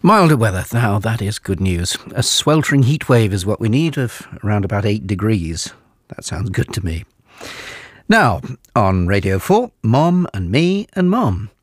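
A man's voice: lowish voice, sing-song, measured pace, no echo, clean studio sound. A man doing wry continuity announcing on radio. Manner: wry, joking.

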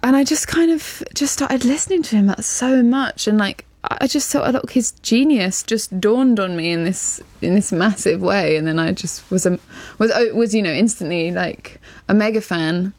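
A woman's voice: medium pitch, moderate pace, hardly any pauses, a little mellow, dry recording. A woman musician answering interview questions in a rambling, giggly way with lots of fillers. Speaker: musician guest. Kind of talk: casual interview chat.

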